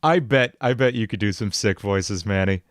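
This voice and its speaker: A man's voice: fairly low pitch, moderate pace, dry recording, studio quality. A male songwriter chatting casually on a livestream, thinking aloud and correcting himself as he goes. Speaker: songwriter and streamer.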